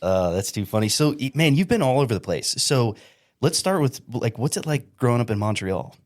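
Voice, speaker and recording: A man's voice: medium pitch, animated, fairly quick. A man hosting a podcast and chatting casually, easygoing and laughing along with his guest. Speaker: podcast host. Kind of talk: casual chat.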